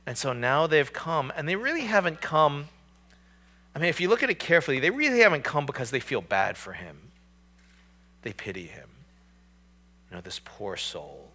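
A man preaching a sermon with a bright, forceful tone that sits a little high. He talks conversationally and with emphasis, often restarting and repeating words as he works toward his point. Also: huge pitch swings, moderate pace, long pauses. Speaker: pastor.

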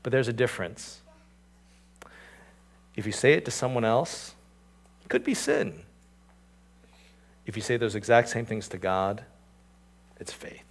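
A man preaching a sermon in a conversational way, with asides to the listeners, building to emphatic peaks and then dropping to a quiet, earnest tone. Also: medium pitch, unhurried, pauses often. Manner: conversational, with "you know" and "right?" asides. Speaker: pastor.

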